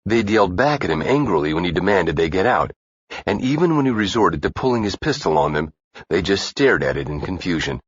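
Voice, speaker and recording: A man narrating a thriller audiobook in a steady, even-paced reading. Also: deep voice, brisk, husky, dry recording. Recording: dull dry lo-fi recording.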